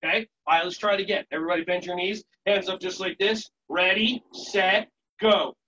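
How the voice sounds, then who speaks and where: High-voiced energetic man leading a workshop. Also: moderate pace, lo-fi sound. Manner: energetic, playful teacher with sudden shouted "aya" calls and sing-song chanting. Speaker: children's yoga and martial arts instructor. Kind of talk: live virtual workshop demonstration.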